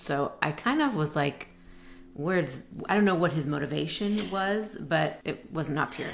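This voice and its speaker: A woman's voice: low voice, lively intonation, unhurried, gravelly. A woman co-hosting a podcast in casual chat, making dry, wry asides. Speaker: podcast co-host.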